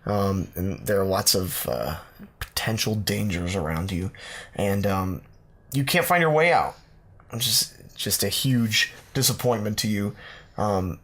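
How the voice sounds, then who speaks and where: Low-voiced man spinning a comic tale. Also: unhurried, a bit bright. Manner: meandering, full of ums and uhs, playful. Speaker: podcast co-host. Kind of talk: improvised comedic story narration.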